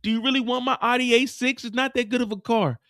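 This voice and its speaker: Man doing a frightened young woman, high pleading voice, bright, dry. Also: fairly even intonation, fast, no echo. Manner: high-pitched pleading, rambling.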